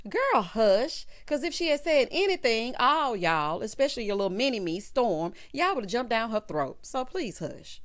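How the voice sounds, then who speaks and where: Woman vlogger, sassy gossip recap, lively swinging pitch, talks right to viewers. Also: normal speed, few pauses. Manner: sassy, gossipy, addresses viewers as honey and child. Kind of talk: casual commentary.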